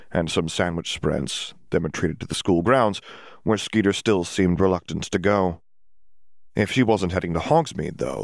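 A man narrating a story in a steady, even reading manner. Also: sits low, no echo, studio quality.

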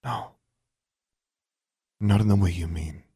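A man putting on a weary, ordinary mother who keeps everything guarded, answering in clipped, defensive lines. The voice sits a touch lower than most, in a dry, close audiobook sound with no room around it. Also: animated, brisk, a little mellow, dry recording. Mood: subdued. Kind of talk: audiobook character voice.

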